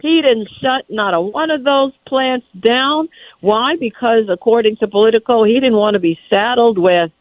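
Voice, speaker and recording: A woman's voice: fairly high pitch, moderate pace, no echo. A woman phones in to a political radio show, speaking emphatically and with plenty of animation. Her voice comes through a narrow, tinny phone line. The sound is dry and close. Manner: emphatic, animated, preacherly calls to action. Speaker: lieutenant governor, guest.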